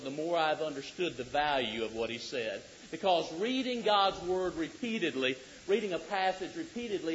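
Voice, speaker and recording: A middle-aged man preaching a sermon, joking with the congregation and rising to shouts for emphasis. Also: high voice, a little hiss or hum. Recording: dull lo-fi recording.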